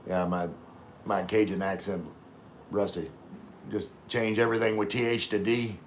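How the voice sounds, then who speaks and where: A man's voice: on the low side, little pitch movement, moderate pace, long pauses, slight background noise. A man hosting a casual livestream, reading viewer comments aloud and chatting in a rambling way, often losing his train of thought.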